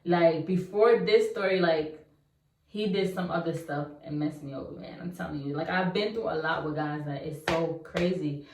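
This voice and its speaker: A young woman vlogger telling a personal story to her viewers in a casual, slangy, animated way. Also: low voice, normal speed. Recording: roomy echo, mic at a distance.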